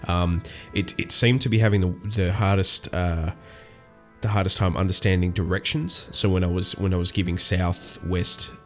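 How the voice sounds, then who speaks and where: A man's voice: low voice, steady tone, moderate pace, soft background music. An Australian man giving casual gameplay commentary, rambling with many ums and restarts. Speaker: gaming YouTuber.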